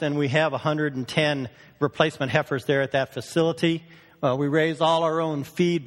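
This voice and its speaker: A man's voice: a little high, big-room sound. A man from the northern United States giving a folksy, joking conference talk as a cattle research station manager. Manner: fast-talking, folksy, joking.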